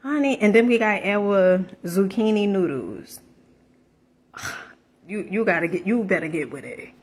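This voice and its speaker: A woman chatting through a casual home cooking vlog, animated and full of fillers, calling her viewers honey. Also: medium pitch, measured pace, slight background noise. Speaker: vlogger. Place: home kitchen.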